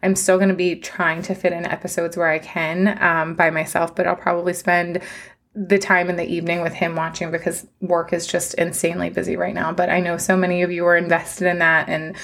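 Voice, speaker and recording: Woman, 30s, podcast host: low, flat, fry-heavy delivery; gushing, emotional, rambling solo chat. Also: fairly quick. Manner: warm, gushing and emotional, talks in long run-on stretches. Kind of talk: casual solo podcast update.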